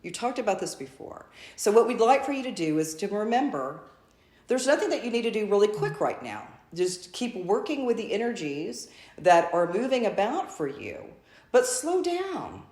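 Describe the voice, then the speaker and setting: Woman spiritual channel: effusive and repetitive, with a swooping, expressive pitch, recorded in an echoey room. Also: normal speed. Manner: speaks as a collective "we", repetitive and effusive.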